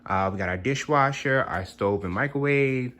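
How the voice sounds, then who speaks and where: A man's voice: medium pitch, moderate pace, a bit bright. A young man giving a sassy, chatty tour of his small apartment, walking around with a handheld phone camera and tossing out drawling slang asides. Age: young adult. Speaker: vlogger giving a home tour. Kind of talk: casual home tour chat.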